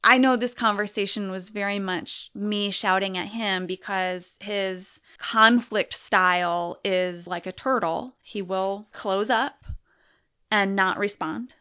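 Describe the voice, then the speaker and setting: A woman telling a personal story as an interview guest, reflective and deliberate. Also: medium pitch, bright, forceful tone, smooth. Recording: dull lo-fi recording.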